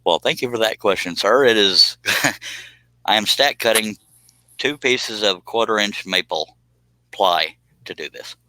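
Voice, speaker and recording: A man's voice: fairly low pitch, measured pace, bright, forceful tone, no echo, rough recording. A man hosting a woodworking live stream, rambling and joking as he reads viewer comments. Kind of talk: casual live stream chat. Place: home woodworking shop.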